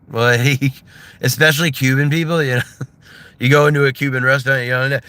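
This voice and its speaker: Bright-voiced American man chatting loosely. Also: mid-range voice, moderate pace. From United States. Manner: loose and laughing, filler-heavy, mimics voices for comedy. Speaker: livestreamer. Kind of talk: casual rambling chat. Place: in a car.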